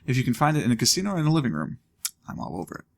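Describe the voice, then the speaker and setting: A man with a gravelly, creaky voice talks through a video game in a loose, casual way. He thinks out loud and throws in dry little jokes as he goes. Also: medium pitch, very animated, rapid-fire. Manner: thinking aloud, wry asides. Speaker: let's play host. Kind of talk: casual gameplay commentary.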